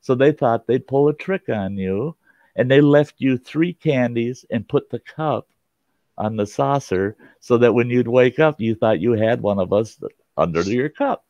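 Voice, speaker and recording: A man voicing a kindly, playful older grandmother in a told story, in a gentle, matter-of-fact way. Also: mid-range voice, lively intonation, measured pace, dry recording. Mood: teasing. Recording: dull, lo-fi sound.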